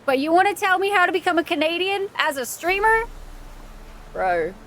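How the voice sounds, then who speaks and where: A woman's voice: very high voice, big pitch swings, moderate pace, a bit bright, a little hiss or hum. A woman live streamer chatting casually with viewers while playing a game, thanking people by name and laughing easily. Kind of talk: casual chat while gaming. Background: faint game music.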